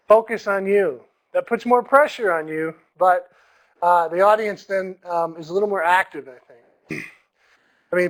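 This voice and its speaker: Man, high-pitched voice, recorded lecture, conversational, clears throat often, says um a lot. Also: poor audio. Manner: conversational, repeats points, frequent throat clearing and fillers. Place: room without an audience.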